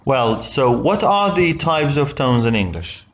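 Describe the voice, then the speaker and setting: A man with an Arabic accent teaching a recorded English lesson, explaining slowly and often checking with "okay?". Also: medium pitch, very animated, lo-fi sound.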